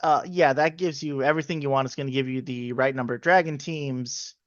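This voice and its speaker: A man's voice: mid-range voice, steady tone, fairly quick, no echo. Male co-host, casual and dry-witted, mid voice, muffled lo-fi dry recording. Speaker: podcast co-host. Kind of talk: casual chat.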